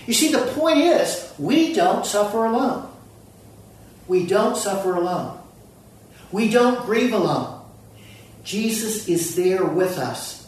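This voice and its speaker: A pastor preaching a sermon slowly and deliberately, repeating phrases and dropping to a hush at the ends of lines. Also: medium pitch, slight background noise. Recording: very echoey room, from far off.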